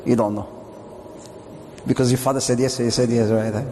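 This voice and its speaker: A man, a sheikh, giving a lively mosque lecture, joking and putting questions to his audience. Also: mid-range voice, normal speed, pauses often, slight background noise. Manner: jokey, asks the audience questions. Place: Islamic centre hall. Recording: long reverb of a hall.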